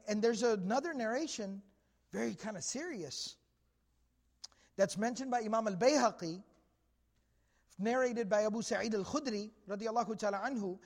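A man teaching a religious lecture, telling stories with lively acted dialogue and reciting Arabic quotations. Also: high-pitched, long reverb tail. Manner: animated storytelling, acting out dialogue, mixing Arabic quotations. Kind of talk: lecture on prophetic traditions.

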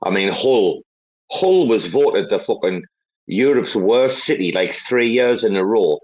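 A man's voice: lowish voice, measured pace. A man from England, telling stories and swearing freely in a casual chat. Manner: sweary, storytelling, animated. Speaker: podcast host. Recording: dull lo-fi audio.

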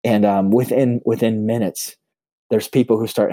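A pastor who calls himself a high extrovert shares personal stories in a casual podcast conversation, his warm, mellow voice steady in tone and moderate in pace. He's outgoing and often stumbles and restarts phrases. The recording is close and dry with no room sound.

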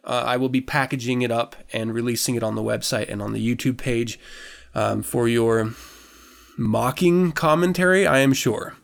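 A man's voice: mid-range voice, normal speed, vocal fry. A man hosting a podcast in a casual chat, laughing often, swearing freely and rambling through restarts. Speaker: podcast host.

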